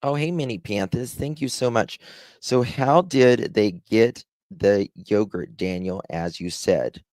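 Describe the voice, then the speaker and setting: A man's voice: lowish voice, unhurried, darkish tone, no echo, studio quality. A man with a Southern accent hosting a casual live stream, rambling as he reads the chat aloud and thanks viewers. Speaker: livestream host.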